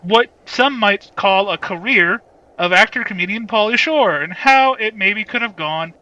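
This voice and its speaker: A man co-hosts a comedy podcast with a high, piercingly bright voice. He delivers absurd jokes in a deadpan tone. The sound is close and completely dry. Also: a little slow, no room sound, highs cut off. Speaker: podcast co-host. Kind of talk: casual comedy podcast chat.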